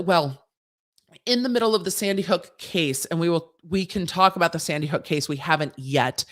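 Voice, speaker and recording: A woman's voice: lowish voice, a bit bright. A woman hosting a legal commentary livestream, answering viewer questions in a chatty, casual way with slangy, sassy asides. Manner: chatty, conversational, with frequent restarts and asides; breezy and sassy, mixing slang into legal talk.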